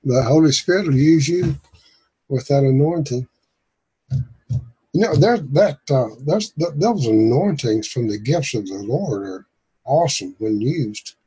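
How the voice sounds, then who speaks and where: A man's voice: mid-range voice, lively intonation, unhurried, mellow, slightly rough, poor audio. A man preaching an informal sermon, rambling and emphatic with folksy turns of phrase.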